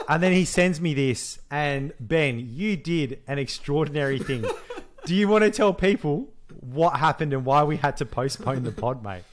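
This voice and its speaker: A man's voice: on the high side, lively intonation, moderate pace, background noise. A man co-hosting a podcast in casual chat, blunt and swearing freely. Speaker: podcast co-host.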